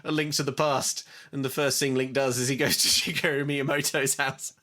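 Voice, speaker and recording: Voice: medium pitch, little pitch movement, moderate pace, bright, forceful tone. A podcast co-host recapping a TV episode in casual, comedic chat, telling it animatedly and laughing mid-sentence.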